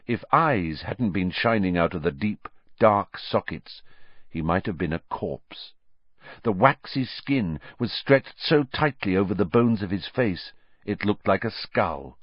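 A man reading a story aloud in a dramatic, measured audiobook style. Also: deep voice, expressive, no echo, lo-fi sound. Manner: dramatic, measured, varied delivery. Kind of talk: audiobook narration.

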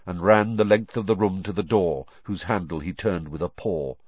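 A man narrating a story from a script, expressive in his storytelling, on a dull lo-fi recording. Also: low-pitched, moderate pace, husky, no echo. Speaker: audiobook narrator.

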